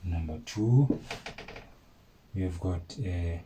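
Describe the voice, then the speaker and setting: A man walks his viewers through a calculus lesson in a slow, unhurried way. His voice is low and mellow. He keeps talking to them directly and says key points over again. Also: slight background noise, rough recording. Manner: chatty, addresses viewers as guys, repeats himself. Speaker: maths tutor. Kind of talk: informal maths lesson.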